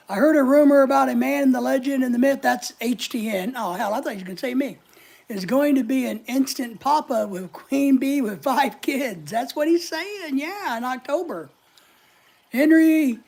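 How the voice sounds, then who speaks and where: A man's voice: very high voice, creaky, darkish tone. A man hosting a casual live stream from home, joking with viewers and greeting them by name as he reads their comments.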